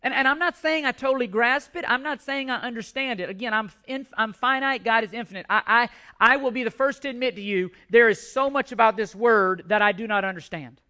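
High, bright-voiced male preacher. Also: fairly quick, hardly any pauses. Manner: emphatic preaching with repetitions and restarts. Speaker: pastor. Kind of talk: sermon.

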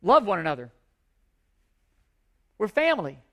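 Pastor guy with a really high voice, preaching in church, repeats words for emphasis. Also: very animated, measured pace. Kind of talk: sermon.

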